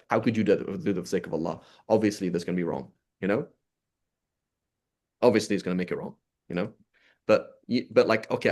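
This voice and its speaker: A man's voice: fairly low pitch, lively intonation, brisk, pauses often, a little mellow. A man giving an informal religious lesson, conversational, often checking in with his listeners by asking "right?" and "you know?". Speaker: Islamic teacher.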